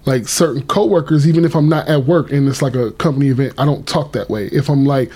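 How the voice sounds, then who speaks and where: A man's voice: mid-range voice, fast, mellow, slightly rough. A man co-hosting a podcast in casual chat, rambling and repeating himself as he explains. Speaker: podcast co-host.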